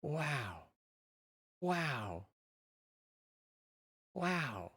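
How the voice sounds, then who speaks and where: A woman's voice: deep voice, very animated, extremely slow, a bit bright, husky. A woman streamer chatting casually with her viewers through a real-time AI voice changer, muttering to herself while she sets up her screens. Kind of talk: casual live-stream chat.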